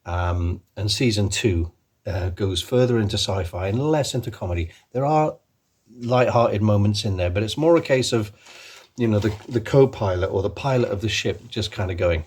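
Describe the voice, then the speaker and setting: A man's voice: fairly low pitch, animated, moderate pace, darkish tone, breathy edge. A man hosting his own channel, chatting casually and enthusiastically, rambling with many ums and restarts. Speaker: channel host. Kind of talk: casual chat.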